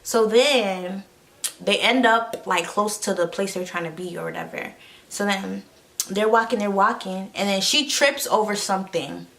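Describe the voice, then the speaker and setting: Woman vlogger, casual comedy recap, slangy and rambling, mid pitch. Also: measured pace, creaky, fairly bright tone. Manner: slangy, rambling, with sound effects and fillers.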